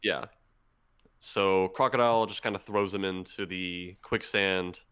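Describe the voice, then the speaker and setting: A man co-hosting a podcast, excitedly retelling a manga story in casual chat with lots of fillers. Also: low-pitched, a little slow, smooth. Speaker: podcast co-host.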